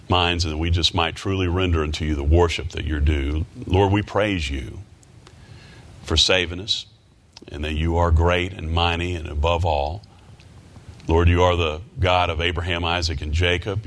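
A man leading a prayer and then preaching a sermon, rising to loud, high emphasis and reading scripture in old-fashioned wording.

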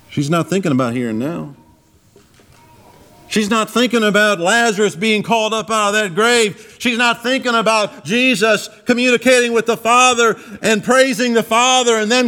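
A man's voice: moderate pace, bright, forceful tone. A man preaching a sermon in a church, swinging his voice up and down for emphasis as he retells the scripture. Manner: preaching with dramatic rises and drops in pitch.

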